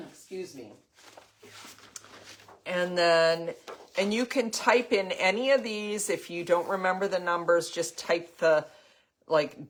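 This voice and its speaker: A woman's voice: lowish voice, fairly bright tone, a little hiss or hum. An older woman hosting a casual live craft demo, chatting with viewers, rambling with frequent ums and the odd cough. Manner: chatty, answers viewer comments as she goes. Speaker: craft host.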